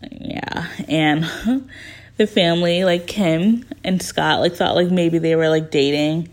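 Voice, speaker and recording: Chatty gossiping woman podcaster, lower voice. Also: fairly even intonation, slow pace. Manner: chatty, gossipy, full of "like" fillers. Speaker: podcast host. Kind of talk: casual chat.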